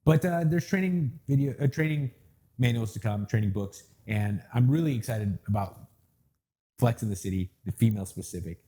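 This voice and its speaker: Male podcast guest, warm low timbre, easygoing, jokey, self-promoting. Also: normal speed. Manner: loose, joking, plugs his work. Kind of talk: casual chat.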